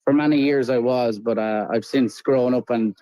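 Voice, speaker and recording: A man's voice: medium pitch, fairly even intonation, normal speed, warm tone, dry recording, low-quality recording. Rambling Irish man on a call. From Ireland. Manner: rambling, chatty, many restarts. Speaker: guest caller. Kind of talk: casual chat on a live audio stream. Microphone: remote call connection.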